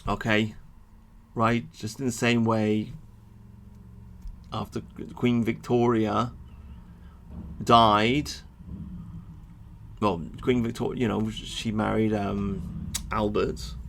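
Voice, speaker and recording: A man giving an animated, sweary monologue to his viewers about history, with frequent asides. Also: lowish voice, slow, vocal fry, pauses often, slight background noise. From England. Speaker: history vlogger. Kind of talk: ranting monologue to camera.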